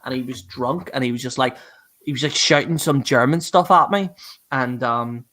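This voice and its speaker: Bright man rambling jokily. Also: mid-range voice, normal speed. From Ireland. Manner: rambling, stammers on restarts, jokey. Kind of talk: casual group chat.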